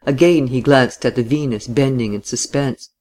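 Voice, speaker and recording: A male narrator reads a literary novel aloud at a middle pitch. His delivery is measured and even. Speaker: audiobook narrator. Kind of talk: scripted narration.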